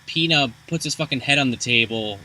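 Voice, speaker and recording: A man's voice: medium pitch, moderate pace, bright, forceful tone, rough recording. A man co-hosting a podcast, retelling movie scenes in a profane, chatty way. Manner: profane, storytelling with quoted lines. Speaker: podcast co-host. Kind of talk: casual movie recap chat.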